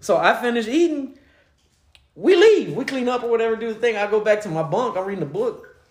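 A man co-hosting a casual chat, telling animated stories with acted-out quotes and frequent laughs. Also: very high voice, a little fast. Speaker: podcast co-host. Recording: echoey room.

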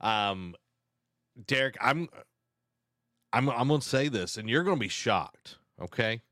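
A man co-hosting a casual gaming podcast, talking in a relaxed, friendly way with many fillers. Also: mid-range voice, a little slow, no echo, clean studio sound. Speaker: podcast co-host.

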